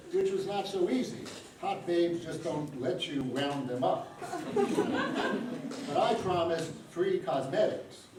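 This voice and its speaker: Guy playing a full-of-himself king, bouncy pitch, far off in an echoey noisy hall. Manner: bragging. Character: boastful vain king, male, grown man. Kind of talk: amateur Purim comedy play.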